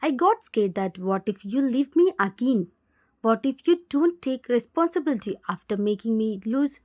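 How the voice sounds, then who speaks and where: Woman playing a heartbroken girl of twenty, Indian English accent, warm and fairly high. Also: animated, moderate pace, lightly acted. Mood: angry. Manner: hurt, accusing.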